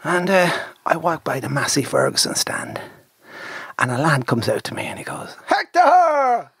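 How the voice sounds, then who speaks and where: An Irish man hosting a podcast, telling a story in a lively, animated way and acting out the people in it. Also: mid-range voice, normal speed, gravelly, slightly rough, no room sound, studio quality. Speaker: podcast host. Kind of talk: casual storytelling chat.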